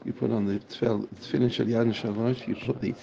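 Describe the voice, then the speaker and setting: A man's voice: medium pitch, steady tone, fairly quick, creaky, warm tone. A man teaching a Torah class in a casual, enthusiastic way, repeating phrases for emphasis. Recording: muffled recording with a crowd audible.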